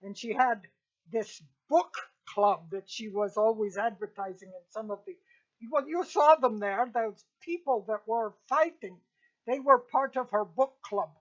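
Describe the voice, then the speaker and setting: A woman's voice: fairly high pitch, unhurried. Surly unwilling captive guy voiced by a woman, curt and dismissive, kinda dull lo-fi sound. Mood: grudging. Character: surly reluctant man held as captive guest.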